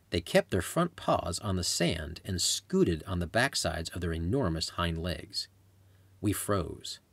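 A man reading his own travel memoir aloud in measured, descriptive storytelling. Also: deep voice, husky, no echo. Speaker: author narrating his memoir. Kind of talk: scripted audiobook narration.

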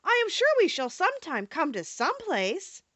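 A woman's voice: very high voice, wildly swooping pitch, normal speed, pushed and bright, no room sound, voice pushed up, exaggerated voice. A woman voicing a young girl who is an earnest, hopeful traveler.

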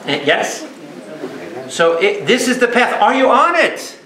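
A man with a very high-pitched, sharp voice takes it slowly, his pitch swinging widely, as he leads a Bible study as a priest for a live group in a church hall or meeting room. He's emphatic and keeps throwing questions at the audience. Slight background noise and echo are audible.

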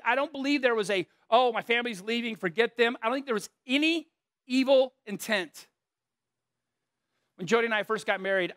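A middle-aged male pastor with a fairly high voice, preaching in a relaxed, conversational way. He moves between earnest points and playful, self-mocking stories. The sound is dry and close, with no room echo. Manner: earnest, with joking asides and self-deprecating stories. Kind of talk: conversational sermon.

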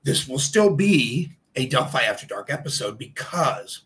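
A man hosting a casual live stream, chatting in a rambling way and greeting viewers by name, his voice a bit congested and hoarse. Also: medium pitch, sing-song, unhurried, a bit bright, low-quality recording.

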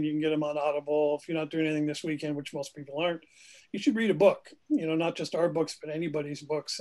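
A man's voice: a little high, darkish tone. A man, a children's book author, chatting casually and encouraging listeners to read. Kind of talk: casual chat after a reading.

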